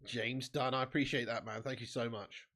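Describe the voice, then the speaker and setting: A man's voice: medium pitch, steady tone, moderate pace. A man hosting a live football watch-along, chatting casually with viewers and calling them mate and lad. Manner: erupts into angry shouting at the match.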